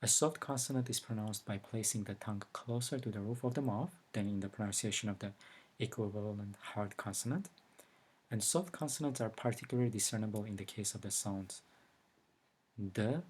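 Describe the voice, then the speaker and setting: A man giving a recorded language lesson, explaining slowly and carefully with example words. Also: lowish voice, darkish tone, husky. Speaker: language teacher.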